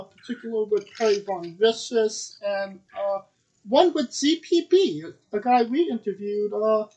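A man with a fairly high voice hosts a casual podcast. He talks in an upbeat, rambling way, stumbling over names and filling gaps with ums. The delivery is loose and chatty. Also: a little mellow, low-quality recording. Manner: upbeat, rambling with many fillers. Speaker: podcast host. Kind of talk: casual chat.

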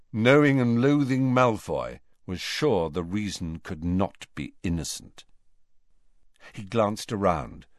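A man reading an audiobook aloud in an expressive, varied way. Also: fairly low pitch, no echo, studio quality. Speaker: audiobook reader. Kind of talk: audiobook narration.

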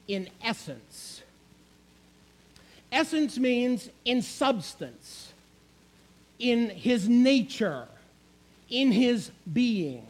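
A man's voice: very high voice, low-quality recording. A man preaching a sermon, emphatic, repeating key phrases and putting questions to his listeners.

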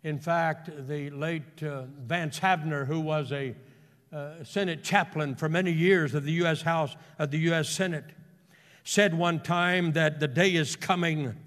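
A man, a pastor, delivering a sermon in a church, moving between hushed storytelling and loud, fervent exclamations. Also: fairly high pitch, steady tone, measured pace. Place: church sanctuary. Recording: long hall reverb in a church.

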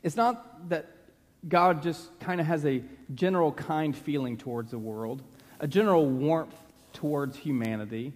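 A man preaching a sermon as pastor, earnest, slowing down and dropping to a hush to stress a point. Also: a little high. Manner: earnest, slows down and drops to a hush for emphasis. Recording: long reverb of a large hall.

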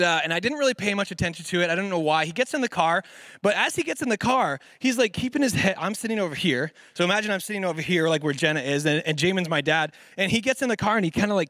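A man preaching a sermon, telling a personal story in an animated way with lots of filler words. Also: high voice, no echo.

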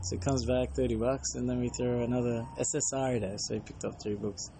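A man's voice: medium pitch, steady tone, fairly quick, vocal fry, noisy background. A man, a traveling monk, casually telling travel anecdotes and acting out bits of dialogue. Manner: chatty, acts out dialogue in anecdotes.

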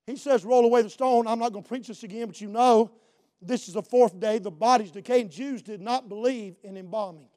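A man preaching a sermon as pastor. He swings between loud shouted passages and low, quiet asides, and keeps saying "Amen" to the congregation. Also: fairly quick. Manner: punctuates with "Amen" and calls to the congregation.

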